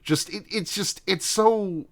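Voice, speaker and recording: A man's voice: high-pitched, takes it slowly. A man co-hosting a podcast, recapping a film in casual chat, rambling and swearing with frequent laughs. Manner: rambling, profane, laughs often. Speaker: podcast co-host.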